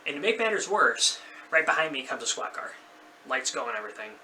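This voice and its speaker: Bright-voiced man rambling through a story. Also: medium pitch, very animated, fast talker. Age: 30s. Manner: rambling, loses track and corrects himself. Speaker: vlogger. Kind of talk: casual personal storytelling. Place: his bedroom. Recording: slightly distant mic, faint background noise.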